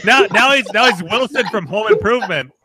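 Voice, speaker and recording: A man's voice: high-pitched, lively intonation, fairly quick. A man joking and teasing friends in a casual chat, grabbing a beer. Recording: noisy line.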